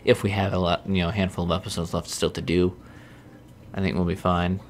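A man's voice: low-pitched, level tone, brisk, slight background noise. A young man casually commentating his gameplay, swearing often and getting exasperated with himself. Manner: profane, self-deprecating, easily exasperated. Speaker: Let's Play host.

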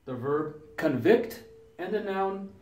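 A man giving a short English pronunciation lesson, saying each word slowly and repeating it carefully. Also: a little high, expressive, a little mellow. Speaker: English teacher. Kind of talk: slow classroom pronunciation lesson. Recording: roomy echo, mic far off.

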